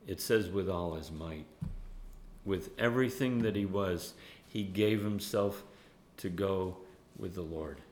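A male pastor with a low voice gives an animated sermon, chuckling often and speaking prayers softly. The room is echoey, with a faint hum behind him. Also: unhurried. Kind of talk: sermon with Bible study.

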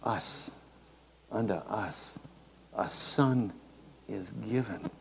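A man's voice: on the low side, drawn-out words, gravelly, a bit bright. An older man preaching a sermon in a folksy, conversational way. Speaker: pastor. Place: church hall. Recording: reverberant hall, faint noise.

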